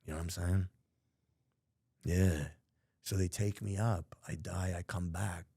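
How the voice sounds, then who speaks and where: Speaking unhurriedly in a low, steady, dark and husky voice, a middle-aged New York man tells his life story as a podcast guest. His talk is blunt, profane and emphatic street speech, captured in a clean studio with no room sound.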